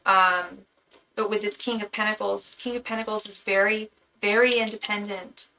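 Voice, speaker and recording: A woman's voice: medium pitch, fairly even intonation, moderate pace, bright, forceful tone, slight background noise, rough recording. A woman tarot reader giving a live reading to her chat in a casual, chatty way, often stumbling and repeating words as she talks.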